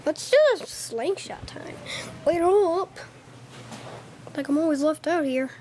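A woman performing a homemade fan skit, voicing every role herself and jumping between high and low voices as the characters squabble. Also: unhurried, a little mellow, slight background noise.

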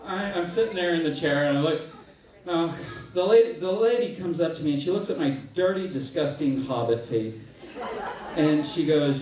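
A man's voice: fairly high pitch, moderate pace, darkish tone. A young man doing stand-up comedy in a self-mocking, rambling way, with frequent restarts. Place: comedy club stage. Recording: echoey club, far mic, laughing crowd.

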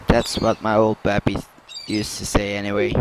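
A man reading out the lines of a friendly, down-to-earth male fisherman in a flat voice, with loud noise behind him. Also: fairly low pitch, low-quality recording. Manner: read out flatly, without a character accent.

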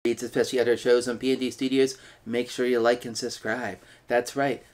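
A man's voice: medium pitch, level tone, brisk, a little mellow. A man in a middle-range voice hosts a weekly read-aloud of children's picture books. He reads steadily and turns upbeat and playful when he talks to his viewers. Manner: upbeat, playful sign-offs. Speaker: host reading books aloud. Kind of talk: children's picture book reading.

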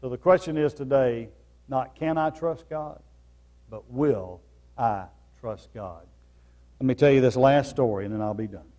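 A man preaching from the pulpit. He drives his points home by repeating phrases, rising to loud, emphatic lines and then dropping to soft, low ones. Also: moderate pace. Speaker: pastor. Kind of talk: sermon.

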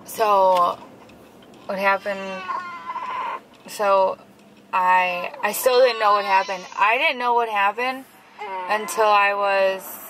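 A woman's voice: mid-range voice, fairly even intonation, takes it slowly, pauses often, poor audio. A woman telling a story about her son in a casual vlog, chatty, full of fillers and restarts, while in a car. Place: in a moving car. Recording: loud road noise from a car.

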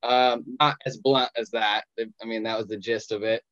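A man's voice: on the low side, steady tone, moderate pace, fairly bright tone, dry recording, muffled recording. Young man telling a joking story. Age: 20s. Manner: joking, self-mocking, quotes others in his telling. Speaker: patient sharing his story. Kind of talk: casual storytelling. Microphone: video call.

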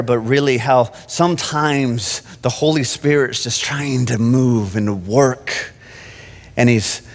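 A man preaching an animated sermon from the pulpit, often restarting his phrases. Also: mid-range voice. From Phoenix. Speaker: pastor. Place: church sanctuary. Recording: long church-hall reverb.

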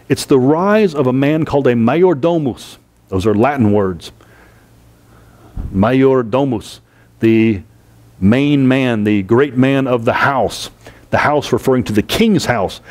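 A man lecturing on medieval history to a class, explaining terms with repetition and slowing down to stress key words. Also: medium pitch, a little mellow.

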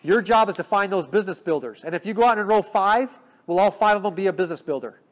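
A man giving an energetic business training talk, coaching his audience with frequent rhetorical check-ins. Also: sits high, fast talker. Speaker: sales trainer.

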